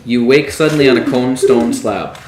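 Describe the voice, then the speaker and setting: Male game master, mid-pitched, hushed scene-setting narration, echoey live-stream room. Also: moderate pace, a little hiss or hum. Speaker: dungeon master.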